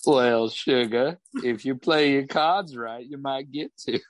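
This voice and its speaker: A tipsy tavern barmaid sweet-talks in a lifted, folksy drawl during a tabletop game, as a man puts her on. The voice rides higher than his own but stays dry and close. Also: slow, dry recording, lightly acted. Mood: flirty.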